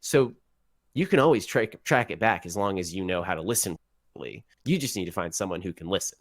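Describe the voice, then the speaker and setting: A man running a tabletop game as game master, explaining things in a relaxed, rambling way. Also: deep voice, brisk, no room sound.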